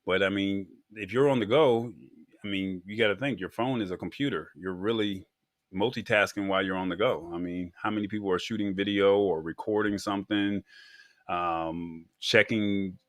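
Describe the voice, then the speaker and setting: Male co-host, lowish voice, dry close recording, easygoing chatty delivery. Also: moderate pace, no room sound. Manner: relaxed, leans on "I mean" fillers. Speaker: tech show co-host. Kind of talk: casual tech chat.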